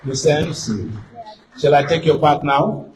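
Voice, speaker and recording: Animated older man giving a speech. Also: fairly high pitch, unhurried. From Gambia. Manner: animated, voice rising as the story builds. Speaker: guest speaker. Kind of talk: storytelling speech at a book launch. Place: event hall. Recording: distant mic with faint room noise.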